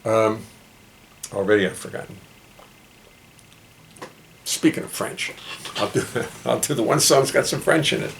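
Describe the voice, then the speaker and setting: A man, a singer and bassist, chatting wryly and rambling between songs in his home studio. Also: unhurried, vocal fry, long pauses, a bit bright, slight background noise. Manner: rambling, wry, self-deprecating asides. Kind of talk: live-streamed studio chat and song. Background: his own bass and guitar playing.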